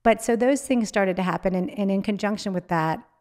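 Speaking in a darkish, medium-pitched voice, the interviewed author is candid and emotional. She often breaks off and begins her sentences again.

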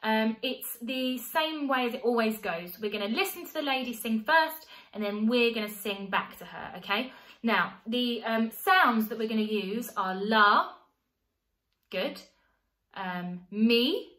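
A young woman teaching a playful vocal warm-up, coaxing children along and singing the phrases herself. Her voice sits high and sounds bright and sharp. The sound carries the echo of an echoey room. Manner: playful, encouraging, sings along to demonstrate. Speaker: vocal coach.

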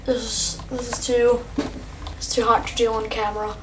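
A young male gamer doing rambling, excitable let's-play commentary, chatting to his viewers and his in-game pet. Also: medium pitch, normal speed, noisy background. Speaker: gameplay commentator. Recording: distant mic with faint keyboard typing.

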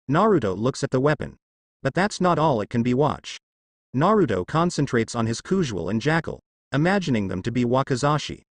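A man narrating fan fiction in a steady storytelling read. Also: medium pitch, brisk, no room sound.

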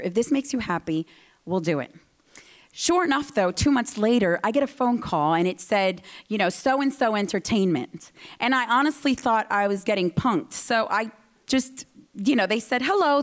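A woman giving a motivational speech at a ceremony, telling her story in an animated way and acting out the dialogue. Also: on the high side. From United States. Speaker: guest speaker. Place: ceremony hall.

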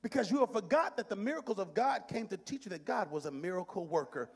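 A middle-aged man pastor preaching a sermon, swinging from shouts to hushed near-whispers and talking straight to his congregation. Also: high voice, animated, fast talker, creaky, a crowd in the background. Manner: talks directly to the congregation in call-and-response. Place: church sanctuary. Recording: long hall reverb in a church.

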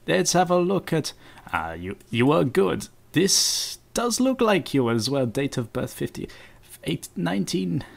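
A man voicing a rude male border inspector in a deliberately bad fake Russian accent, talking in broken grammar. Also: mid-range voice, vocal fry, full character voice. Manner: broken grammar, curt and insulting. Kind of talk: joking game commentary in character.

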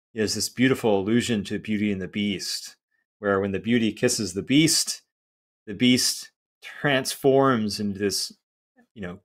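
A man co-hosting a podcast, explaining a play in a thoughtful, measured way with some restarts. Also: on the low side, a bit bright. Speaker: podcast co-host. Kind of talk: casual conversation about literature.

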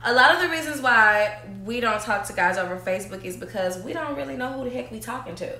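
A woman's voice: on the high side, expressive, quick pace, bright, forceful tone, echoey room, slight background noise. A woman guest in a casual chat, insistent and repeating herself as she argues her point.

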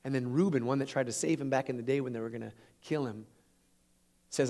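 A man preaching a sermon, retelling a scripture story in an animated, conversational way with chuckles. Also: medium pitch, fairly quick. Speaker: pastor.

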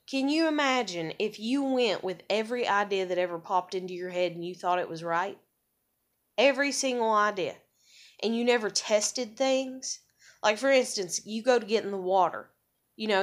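An American woman ranting in a vlog, angry, profane and rambling, her voice jumping high when heated. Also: a bit bright. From USA. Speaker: vlogger. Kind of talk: ranting monologue.

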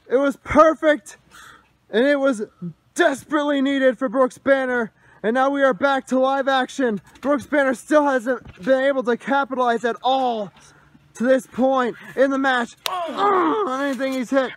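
High, bright-voiced male wrestling commentator. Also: moderate pace, no echo. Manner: swings from hushed, dismayed muttering to shouted excitement. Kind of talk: excited play-by-play commentary.

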